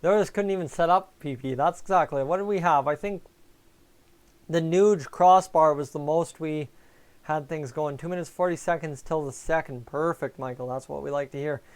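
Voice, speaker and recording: Young guy on a headset, hosting a fan stream, kinda high voice, super clean sound, chatty with his viewers. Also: normal speed. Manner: chatty, answers viewers by name. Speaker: live-stream host. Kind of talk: casual fan commentary and chat replies.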